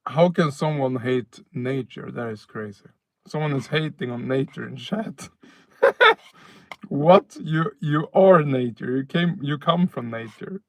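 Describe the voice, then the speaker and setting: A Swedish man streaming live at night, drawling slowly through casual chat with plenty of fillers and restarts. His voice sounds close and dry. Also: medium pitch, dry recording. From northern Sweden. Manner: laid-back, rambling, fillers and self-corrections. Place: outdoors at night.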